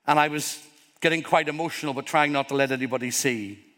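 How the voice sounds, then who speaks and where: A man's voice: mid-range voice, fast, a bit bright. A middle-aged man preaching a sermon as pastor, earnest and openly vulnerable, rising to emphatic peaks. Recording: long hall reverb.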